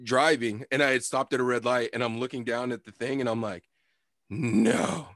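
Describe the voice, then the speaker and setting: A man's voice: mid-range voice, normal speed, no room sound. Young guy podcasting, cussing a lot, dead dry close mic, just rambling through a story. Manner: animated, profane, lots of fillers and laughter. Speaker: podcast co-host. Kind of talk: casual storytelling chat.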